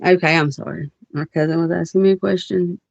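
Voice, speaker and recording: A woman's voice: lowish voice, fairly even intonation, fairly quick, creaky, darkish tone, dry recording. A woman rants on a livestream in a blunt, profane and rambling way, with many fillers. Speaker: livestream host. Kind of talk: livestream rant. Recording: dull lo-fi stream audio.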